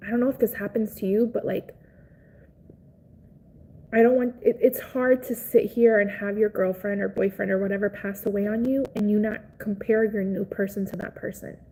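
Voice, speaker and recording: A woman's voice: medium pitch, warm tone, a little hiss or hum, rough recording. A young adult woman chatting casually with viewers on a live stream. She rambles with lots of "like" fillers and speaks in an emotional, sympathetic way. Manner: sympathetic and consoling.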